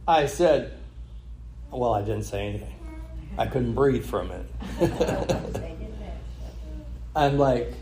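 A man's voice: mid-range voice, slow, pauses often, a little hiss or hum. A man from California, a pastor telling a story in a sermon and acting out both sides of a conversation. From California, USA. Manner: animated anecdotal delivery, acts out both sides of a dialogue.

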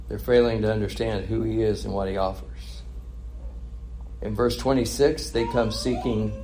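A man preaching a sermon in a lively way, chuckling and mimicking the voices of the crowd he describes. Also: fairly low pitch, slight background noise.

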